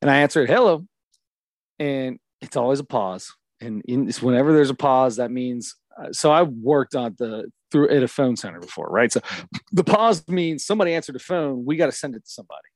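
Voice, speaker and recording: A man's voice: medium pitch, brisk, no room sound. Guy in his 30s telling a funny story to a friend, acts out the voices, dry close mic. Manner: animated storyteller, quotes others in lively acted voices. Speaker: podcast co-host. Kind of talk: casual storytelling chat.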